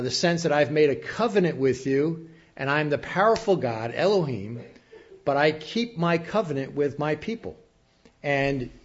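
Man teaching a sermon, lo-fi recording. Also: a little high. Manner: expository Bible teaching, rising emphatic bursts and dropping to quiet asides. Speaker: preacher.

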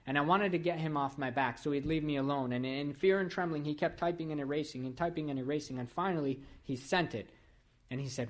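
Guy from iran preaching, telling his story, earnest, middle pitched voice, piles on repeated lines with punch. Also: fast talker. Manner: earnest storytelling that swells into emphatic, repeated declarations. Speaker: preacher giving his testimony. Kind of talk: sermon testimony.

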